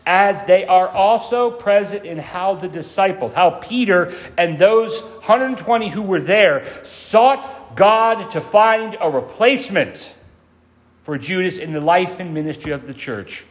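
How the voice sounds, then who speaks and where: A man's voice: high-pitched, expressive, unhurried. A man preaching a sermon, telling a parable with shifting emphasis as he goes. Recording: long reverb.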